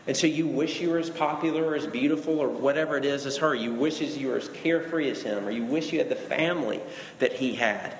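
A man's voice: on the high side, slight background noise. A man preaching a sermon, speaking earnestly and addressing his listeners directly with shifting emphasis. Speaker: pastor. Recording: echoey hall with long reverb.

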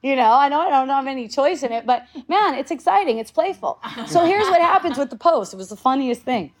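A woman's voice: high-pitched, expressive, a little fast. A woman in her fifties talking casually to a group, rambling with restarts, swearing freely and laughing often. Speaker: speaker in a group talk.

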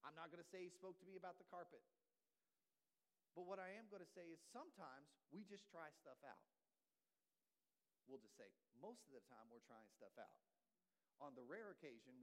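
A middle-aged man, a pastor, preaching a sermon in a conversational way with jokes, sometimes dropping to a soft low voice for emphasis. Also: animated, moderate pace, low-quality recording.

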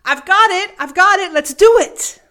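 A woman voicing an older male bank manager near retirement, giddy and eager, who exclaims with excitement. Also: a little high, a little slow. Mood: overjoyed.

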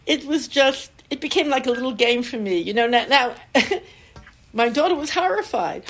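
A woman's voice: high-pitched, moderate pace. An older woman, a Zen teacher, giving a dharma talk with anecdotes and frequent laughter. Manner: warm storytelling, laughs often.

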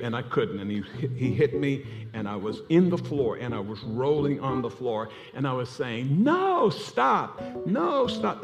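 Preacher guy in a church, animated and laughing, music going behind him. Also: mid-range voice. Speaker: pastor. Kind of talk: sermon.

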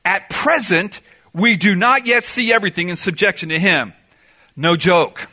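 A man's voice: high-pitched, moderate pace, sharp tone. A man preaching a sermon in an auditorium, emphatic, firing off rhetorical questions and answering them himself. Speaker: pastor.

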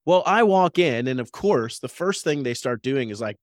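Animated man telling a story. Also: mid-range voice, moderate pace, few pauses, dry recording, clean studio sound. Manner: animated storyteller, laughs often. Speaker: podcast co-host. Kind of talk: casual chat.

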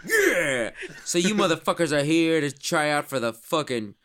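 A man putting on a brash, crude jock team captain, loud and swaggering, who rambles through a boastful story packed with swearing. His voice jumps around a lot, pushed up higher than a normal speaking voice. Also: very animated, moderate pace. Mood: swaggering rant.

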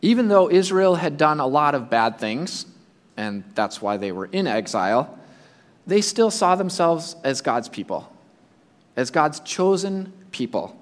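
A male pastor preaches a sermon in a high voice, his pitch moving constantly with big swings at a measured pace. He acts out the imagined voices of the people he describes. A long reverb makes his voice ring out as if in a large hall.

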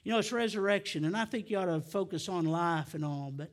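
A middle-aged man preaching a sermon, swinging from near shouts down to low, quiet stretches. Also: brisk, few pauses. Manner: emphatic preaching, rising to near shouts then dropping low. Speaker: pastor.

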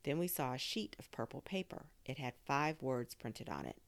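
A woman narrating a children's story in an expressive storytelling manner. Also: very deep voice, normal speed, vocal fry, hardly any pauses. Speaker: audiobook narrator.

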